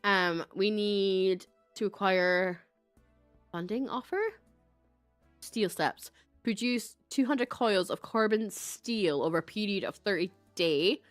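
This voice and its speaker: A Scottish woman talks slowly and chattily over a game livestream, poking fun at herself as she reads. Her voice sits in a middle range and sounds dry and close to the mic. Faint music plays underneath. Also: mid-range voice, no echo. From Scotland. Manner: chatty, self-mocking, laughs often. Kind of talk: casual game commentary.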